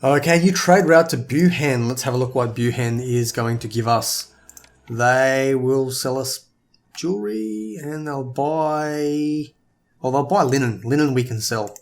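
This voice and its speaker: A man's voice: medium pitch, a little slow. A man giving casual gameplay commentary, thinking aloud and sometimes tripping over his words. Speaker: let's play gamer.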